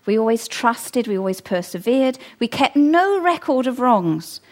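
A middle-aged woman delivers a sermon in an earnest, emphatic way. Her voice sits a little higher than most, and she leans on her key phrases by repeating them. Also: very animated, unhurried, a little mellow. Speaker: preacher.

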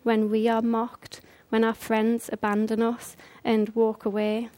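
A woman's voice: fairly high pitch, monotone, a little slow, darkish tone. Earnest woman preaching. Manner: earnest, conversational with rhetorical questions. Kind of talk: sermon.

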